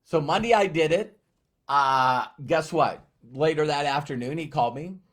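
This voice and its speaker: A man's voice: on the high side, normal speed, a bit bright. A man giving a motivational talk who tells a personal story, acts out the dialogue, and often repeats words. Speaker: motivational speaker.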